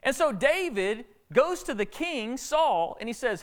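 A man preaching a sermon, retelling a Bible story with lively, acted-out dialogue. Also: very high voice, a little slow, hardly any pauses. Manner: animated storytelling preacher, acting out characters' lines. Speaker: pastor.

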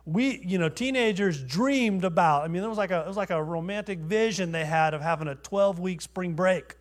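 A man in his forties preaches in a church, his voice pitched a little high for a man. He keeps it conversational and self-deprecating, leaning on rhetorical questions to carry the sermon. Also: fairly quick. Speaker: guest pastor. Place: church sanctuary.

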